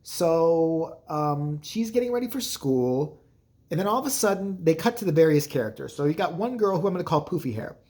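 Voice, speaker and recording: A man's voice: on the high side, lively intonation, fairly quick, darkish tone. A man hosting a casual movie review vlog, crude, rambling and jokey, acting out scenes in voices. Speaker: channel host, movie reviewer.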